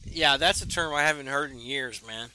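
A man on a remote call, chatting casually about a comic book in a relaxed way. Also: medium pitch, normal speed. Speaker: podcast co-host.

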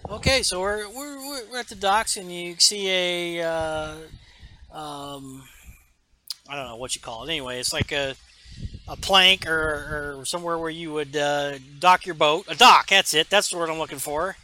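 A man casually retelling a comic story, stumbling over words now and then and acting out rough bar voices. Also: fairly high pitch, normal speed, bright, forceful tone, slight background noise, rough recording. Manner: acts out gruff bar voices, loses words, laughs. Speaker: podcast co-host retelling a comic.

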